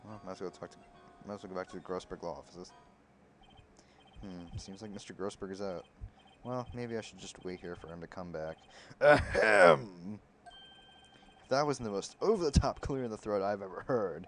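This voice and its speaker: A man playing through a story game and commenting casually, with an offhand swear now and then. His voice sits low. Faint music plays behind him. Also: a little fast, darkish tone. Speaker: game streamer. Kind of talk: let's play commentary.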